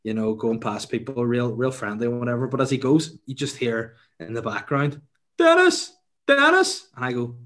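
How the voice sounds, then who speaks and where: A young man, telling a funny story in casual chat, animated and laughing, swearing freely. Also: medium pitch, brisk, hardly any pauses.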